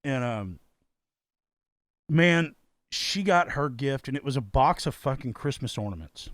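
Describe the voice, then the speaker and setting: A man's voice: mid-range voice, expressive, a little slow, fairly bright tone, no room sound, clean studio sound. A man co-hosting a podcast, telling a story in casual chat, swearing a lot and laughing often. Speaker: podcast co-host.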